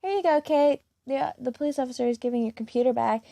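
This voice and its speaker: A woman's voice: sits high, quick pace, gravelly, dry recording, studio quality. A stern, cold orphanage caretaker, as a woman reader puts her on. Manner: cold, calm, blunt.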